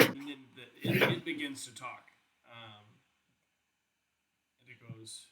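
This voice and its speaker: A man's voice: medium pitch, fairly even intonation, measured pace, pauses often, sharp tone, rough recording. A man narrating as game master for a tabletop game, hesitant, with lots of restarts. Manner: hesitant, full of fillers and restarts.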